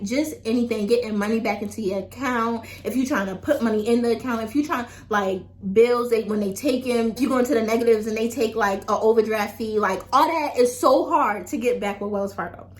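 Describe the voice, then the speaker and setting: Young woman vlogger, fairly high voice, chatty storytime delivery full of fillers, talks straight to viewers. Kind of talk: casual storytime chat.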